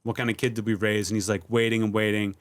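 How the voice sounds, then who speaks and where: Relaxed rambling middle-aged man. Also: fairly low pitch, fast. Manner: relaxed, rambling storytelling with many fillers. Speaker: comedian guest. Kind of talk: casual podcast chat.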